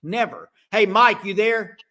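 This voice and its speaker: A man hosting a casual sports podcast with live call-ins, talking in animated bursts with quick restarts. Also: high voice.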